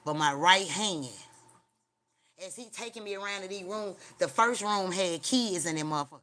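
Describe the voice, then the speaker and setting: This livestream host is a woman with a medium-pitched, bright, forceful voice at a moderate pace. She tells a long, rambling, profane story, filling gaps with filler sounds and chatting straight to her viewers.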